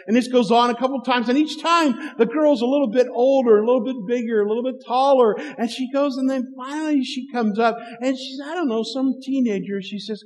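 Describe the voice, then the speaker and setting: Speaking a little fast with few pauses, a middle-aged pastor with an extremely high voice delivers a sermon of stories. He acts out what people said and chuckles along, and the hall adds long reverb.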